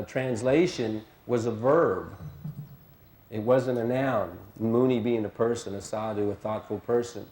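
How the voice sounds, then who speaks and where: A man's voice: mid-range voice, warm tone, roomy sound. A man earnestly sharing a memory and stressing his point, careful not to be misunderstood. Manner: earnest, emphatic, careful to be understood. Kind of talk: reflective personal testimony.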